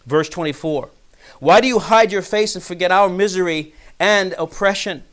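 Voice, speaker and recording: Man doing a radio bible study, reads verses with some punch then goes quiet and low to explain, gets riled up. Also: normal speed. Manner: earnest, openly gets riled up. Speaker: Bible teacher. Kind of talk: radio Bible study, reading scripture aloud.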